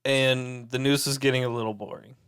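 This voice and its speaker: A man's voice: medium pitch, level tone, a little fast, fairly bright tone. A young man co-hosting a podcast in casual chat, joking and laughing often with crude humor. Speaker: podcast co-host.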